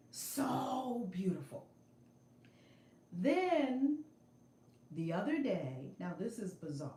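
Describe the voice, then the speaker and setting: A middle-aged woman telling a story on a casual livestream from a room at home, animated and emphatic, repeating her phrases. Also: on the low side, reverberant, slight background noise. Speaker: spiritual vlogger. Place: home room with altar and shelves. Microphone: phone camera.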